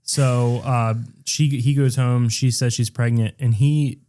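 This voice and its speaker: A man's voice: mid-range voice, steady tone, measured pace, mellow, a little hiss or hum. A man co-hosting a podcast, telling crude stories in casual chat and quoting people as he goes. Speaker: podcast co-host.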